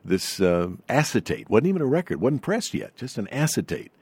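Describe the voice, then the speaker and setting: An older man with a faint Southern accent, telling stories as an interview guest in a polished, unhurried announcer's delivery. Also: mid-range voice, sing-song, gravelly, darkish tone, slightly rough, no echo. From Southern United States. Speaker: guest, veteran broadcaster. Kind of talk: storytelling in an interview.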